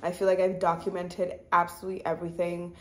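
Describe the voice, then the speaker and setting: A woman's voice: lowish voice, completely flat delivery. A woman in her twenties chatting casually to her viewers, saying "like" constantly and drifting from topic to topic. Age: 20s. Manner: chatty, says "like" a lot, sidetracks; warm and confiding, fast talking. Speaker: vlogger. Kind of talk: casual chat to camera.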